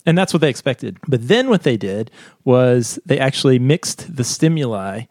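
A man's voice: mid-range voice, big pitch swings, normal speed, darkish tone, no echo, studio quality. A man co-hosting a podcast, explaining a research study in a chatty way and laughing often. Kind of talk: casual science chat.

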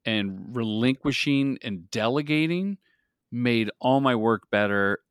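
Middle-aged male guest, animated and upbeat, dry sound. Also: mid-range voice, slow pace, clear, resonant tone, dry recording. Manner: energetic, animated storyteller. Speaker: guest, commercial director. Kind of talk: casual interview storytelling.

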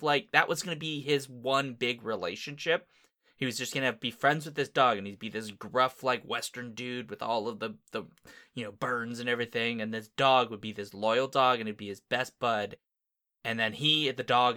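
A man with a bright, forward voice chatting on a movie podcast. He talks in a casual, enthusiastic way, his voice jumping up when he gets excited. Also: mid-range voice. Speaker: podcast co-host. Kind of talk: casual movie-review chat.

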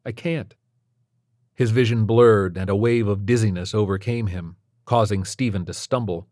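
Man with a low voice narrating a story. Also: steady tone, normal speed, a little mellow, no room sound, clean studio sound. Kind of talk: scripted narration.

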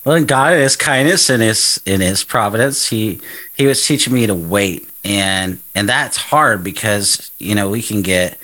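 A man with a very low voice hosts a casual faith conversation. He talks earnestly, circling back with restarts and repeated words as he works through his point. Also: bright, forceful tone. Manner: earnest, halting with many restarts. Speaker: podcast host.

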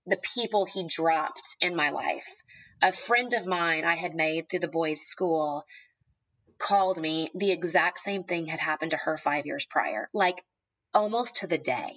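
A woman in her thirties telling a deeply personal story, at times tearful, halting with ums and restarts. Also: a bit bright, breathy edge, poor audio. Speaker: guest sharing a personal story.

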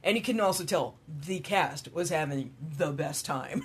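A man's voice: a little high, expressive, moderate pace, hardly any pauses, a bit bright, husky. A man co-hosting a podcast, chatting casually and enthusiastically, laughing often, and sounding worn out. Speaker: podcast co-host. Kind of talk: casual chat.

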